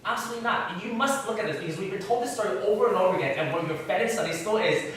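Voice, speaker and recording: A man's voice: high voice, rapid-fire, a bit bright, a little hiss or hum. A man leading an interactive Bible class in a church room, questioning his listeners in a chatty way. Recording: very echoey room, far from mic.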